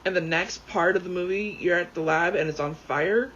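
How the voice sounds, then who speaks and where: A man rambling excitably as he plays a game, swearing freely and often going off on tangents. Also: high voice, moderate pace. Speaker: gaming YouTuber. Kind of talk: casual commentary while playing. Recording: dull lo-fi sound with faint background noise.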